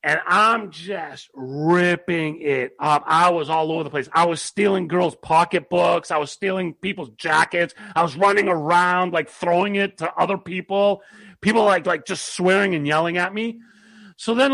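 A man with a high voice and a gravelly edge tells a story in casual chat. He is animated and laughs often. He gets loud when he acts out his own lines.

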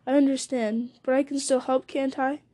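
A woman's voice: high voice, fairly even intonation, normal speed, mellow, natural voice. A woman reading the part of a loyal, earnest male hobbit servant who talks plainly and deferentially. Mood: practical. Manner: plain-spoken, homely, deferential.

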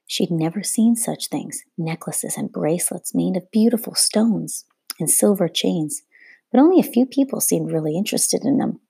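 A woman reads a children's novel aloud at a steady storytelling pace, sometimes correcting a slip. Her voice is low, mellow and husky. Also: moderate pace, dry recording. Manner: steady storytelling, occasional rereading slips. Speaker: reader.

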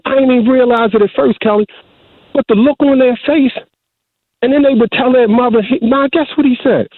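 A man's voice: extremely high pitch, dry recording. A middle-aged man calling in to a talk show, preaching with heavy repetition and restarts. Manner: preachy, repeats himself, restarts often. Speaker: caller. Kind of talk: emotional call-in monologue. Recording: tinny phone line.

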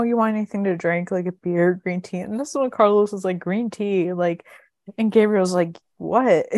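A woman's voice: mid-range voice, a little mellow, dry recording, studio quality. A woman co-hosting a casual podcast, retelling a TV episode scene by scene with lots of fillers and emotion. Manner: gushing, recounts scenes with many "like" fillers. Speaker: podcast co-host. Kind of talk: casual chat recapping a TV episode.

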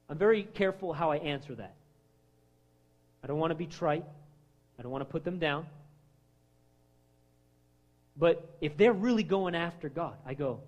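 A man preaching a sermon in a conversational way, acting out quoted voices and swinging between loud lines and hushed ones. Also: on the high side, fairly quick, pauses often. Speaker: pastor.

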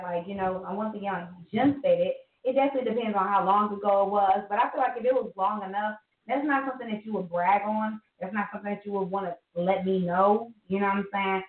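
A woman's voice: medium pitch, fast talker, few pauses, reverberant, distant mic, narrow, tinny audio. A woman co-hosting a podcast, telling stories in a blunt, candid and profane casual chat. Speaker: podcast co-host.

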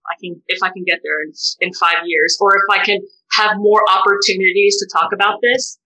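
An American woman, a therapist and doctoral researcher, talks animatedly and off the cuff in an emotional conversational interview, full of fillers and restarts. Her mid-range voice moves a little fast and rises sharply whenever she quotes others. The recording quality is low.

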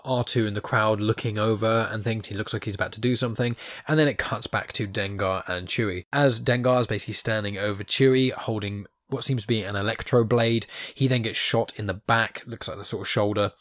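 A man's voice: fairly low pitch, dry recording, studio quality. A man casually retelling a comic story as a podcast host, chatty, often laughing and loosely paraphrasing what the characters say. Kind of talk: casual recap.

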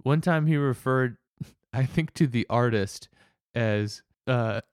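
A man's voice: mid-range voice, slow, no echo. A man co-hosting a casual chat, amused and dry, sometimes reading facts aloud. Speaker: podcast co-host.

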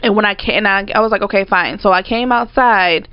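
A woman retelling a story in a casual chat, blunt and profane, with an animated delivery. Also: mid-range voice, fairly quick, clean tone, dry recording. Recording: dry, slightly dull recording.

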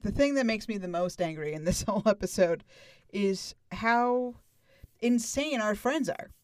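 Podcast host, animated and inquisitive, mid pitch, dry close sound. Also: a little slow, no echo. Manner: animated, quizzing co-hosts with questions. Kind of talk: casual chat analyzing a TV episode.

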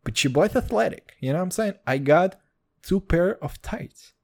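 A man hosting a solo podcast, rambling in a profane, jokey, self-mocking way and swinging between loud and quiet. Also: sits high, lively intonation, moderate pace. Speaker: podcast host.

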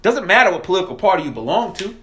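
A man rants at his viewers in a heated, emphatic style, swearing freely as he presses each point. His voice sits unusually high for a man. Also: sing-song, rapid-fire, sharp tone. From American South. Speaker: political commentator. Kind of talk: ranting monologue.

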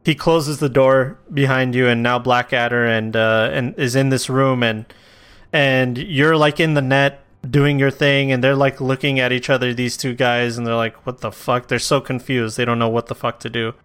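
Man, game master, smooth clear voice, mid pitch, casual swearing narration. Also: fairly even intonation, moderate pace, fairly bright tone. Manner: casual, swearing, loose storytelling with fillers.

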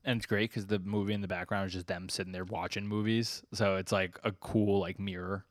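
Low-voiced man casually recapping a story. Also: flat delivery, fairly quick, no echo, clean studio sound. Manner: loose retelling with fillers. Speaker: podcast co-host.

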